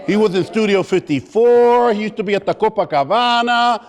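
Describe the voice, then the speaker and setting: Man, high voice, animated comic storytelling, stage speech, long hall reverb. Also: moderate pace, faint music behind. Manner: lively, joking, animated storytelling. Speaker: speaker.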